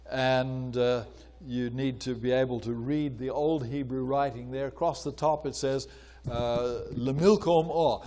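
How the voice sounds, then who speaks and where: An older man delivers a casual archaeology lecture, chatty with frequent pauses and fillers, sometimes voicing characters as he retells a story. His voice is mid-range with a darkish tone.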